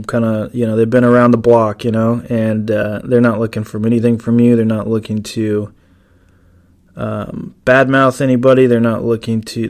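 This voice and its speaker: In a mid-range voice with a somewhat dark tone, a podcast host talks alone in a casual show, wandering off track with lots of ums and fresh starts.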